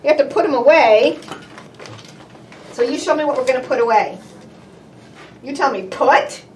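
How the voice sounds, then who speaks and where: A woman working as a speech therapist in a playful session with a young child. She models words slowly and one at a time, then bursts into cheers and sound effects. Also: sits high, darkish tone, a little hiss or hum. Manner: slow, deliberate word-by-word modeling. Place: indoor therapy room. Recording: roomy and distant.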